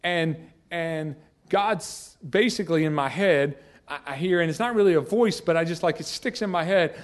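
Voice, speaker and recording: A man's voice: on the high side, moderate pace. A middle-aged man from Georgia, telling a personal story in a rambling, folksy way that often restarts mid-sentence. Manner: rambling, self-interrupting, folksy.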